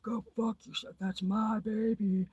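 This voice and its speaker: A woman putting on a high, squeaky, sneering voice to mock a boastful man. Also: level tone, a little slow, a little mellow, husky. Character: mocking falsetto of a boastful man.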